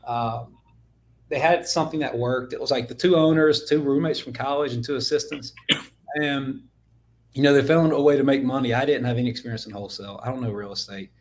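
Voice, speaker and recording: A man's voice: mid-range voice, fairly even intonation, a little fast. Laid-back Southern-accented young man. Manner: laid-back storytelling, loose with fillers like "man" and "like". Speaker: podcast guest. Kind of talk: casual interview chat.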